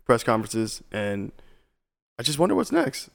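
A young man with a lively, swooping voice chats on a podcast, packing his talk with fillers. He laughs easily and runs his thoughts together. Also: medium pitch, gravelly. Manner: animated, filler-heavy, quick to laugh. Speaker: podcast co-host. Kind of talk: casual chat.

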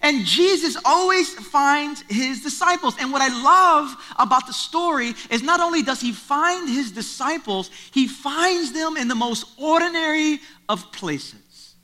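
A man's voice: very high voice, expressive, unhurried, hardly any pauses, pushed and bright. A man preaching a sermon, retelling a story in a conversational way and driving points home through repetition. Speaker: pastor.

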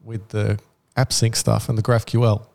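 A man chatting easily about software, agreeable, with casual nonstandard grammar. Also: on the low side, flat delivery, measured pace, gravelly. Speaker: software developer. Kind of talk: casual chat.

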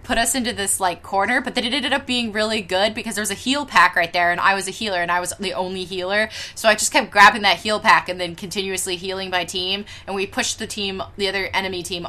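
A woman co-hosting a podcast, telling stories in a casual, animated way with laughter and casual swearing. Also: medium pitch. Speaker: podcast co-host. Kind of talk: casual chat.

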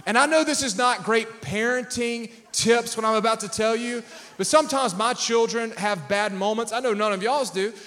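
Pastor, man, 30s, high voice, lively preaching style with humor. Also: moderate pace. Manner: energetic preaching with crowd call-outs and humor. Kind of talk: sermon.

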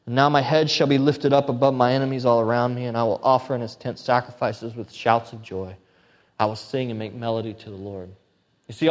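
A man's voice: mid-range voice, in a large hall. A man preaching a sermon, reading scripture in an earnest, pleading way and mixing in conversational asides. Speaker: pastor.

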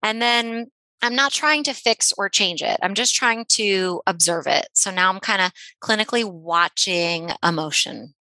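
A woman therapist explaining a technique in a gentle, encouraging, conversational way, often repeating herself. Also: medium pitch, a little slow, no echo, poor audio. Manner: gentle, encouraging, repeats words, many "you know"s. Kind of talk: conversational instructional talk.

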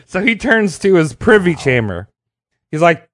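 A man's voice: high voice, big pitch swings, measured pace, a bit bright, no echo, clean studio sound. A man hosting a podcast, telling history in a casual, irreverent, slangy way. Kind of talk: casual comedic storytelling.

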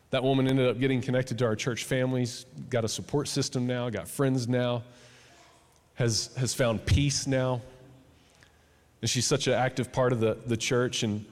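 Man preaching in a reverberant hall. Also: mid-range voice. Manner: conversational, storytelling, rising to impassioned exhortation. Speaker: pastor. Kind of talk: sermon storytelling. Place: church auditorium.

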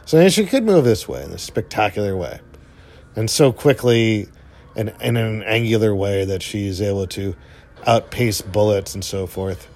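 Young guy rambling through a movie, lots of likes and swearing, voice jumps up when hyped. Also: normal speed. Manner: rambling, filler-heavy, swears casually; enthusiastic, pitch jumps up when excited. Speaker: film commentator. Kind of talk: casual movie commentary while watching.

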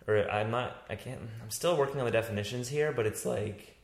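A man hosting a casual talk, telling stories in an animated, rambling way and acting out his own thoughts. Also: medium pitch, brisk. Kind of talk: casual chat. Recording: roomy echo.

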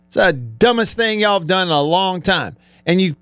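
A man's voice: high-pitched, lively intonation, moderate pace, few pauses, a bit bright, smooth, no room sound. Male sports radio host, middle-aged, fired-up sarcastic rant, dry close sound. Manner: heated, sarcastic ranting with rising emphasis. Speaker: sports talk show host. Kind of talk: live-streamed sports talk monologue.

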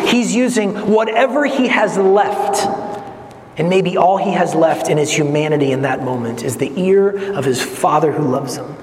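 A man preaches with earnest conviction, his voice sitting a little high and swelling to emphatic peaks before sinking low and quiet. The sound is roomy, with a long reverb tail and a faint hiss beneath it. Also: moderate pace. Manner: gestures while speaking. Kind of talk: sermon. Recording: echoey hall with long reverb, faint noise.

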